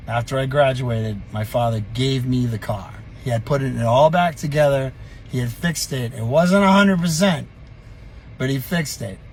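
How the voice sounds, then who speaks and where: A middle-aged man telling a story from his youth in an animated, profane, chuckling way. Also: mid-range voice, a little hiss or hum. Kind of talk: casual storytelling vlog.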